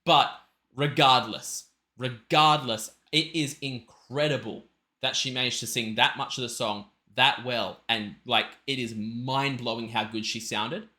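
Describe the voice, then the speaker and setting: A man's voice: mid-range voice, fairly even intonation, measured pace, bright, forceful tone. An Australian man hosting a reaction video, talking enthusiastically and emphatically in a rambling way. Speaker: reaction channel host.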